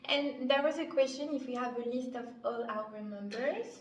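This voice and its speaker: A woman's voice: a little high, normal speed, highs cut off. A woman with a French accent moderating a casual Q&A and reading out questions in a chatty way. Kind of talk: casual panel Q&A. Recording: echoey room from far off, faint noise.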